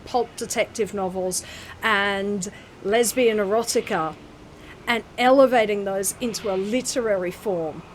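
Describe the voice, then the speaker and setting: Australian woman, 40s, book reviewer, fairly high voice, measured unhurried delivery, emphatic, stops to hunt for words. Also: a little hiss or hum. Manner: chatty and emphatic, pausing to search for words. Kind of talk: casual book review chat.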